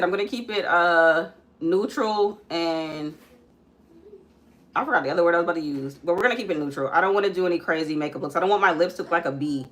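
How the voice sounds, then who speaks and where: A young woman with a bright, fairly low voice talks her way through a live makeup session. She is chatty and loose, full of ums, calling her viewers guys. Now and then she breaks off to tell her kids to put things back. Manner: frequent ums while working. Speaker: makeup vlogger and mother. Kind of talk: casual live-stream makeup chat.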